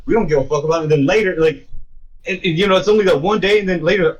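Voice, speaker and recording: A man's voice: high voice, rapid-fire, poor audio. A man co-hosting a podcast, chatting casually and swearing a lot, acting out the quotes in his stories. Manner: animated retelling with acted-out quotes, heavy swearing. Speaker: podcast co-host. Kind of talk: casual chat.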